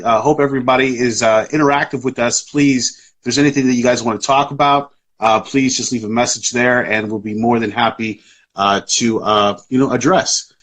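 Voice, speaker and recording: A man's voice: medium pitch, a bit bright. A man hosting a live podcast in casual chat, rambling with lots of fillers and restarts. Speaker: podcast host.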